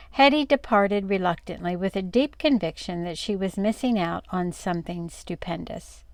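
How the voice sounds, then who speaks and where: Older woman, storybook read-aloud, gravelly, dry close mic, expressive. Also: dry recording. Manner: expressive, dropping low and soft on narration tags. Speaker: grandmother reading aloud.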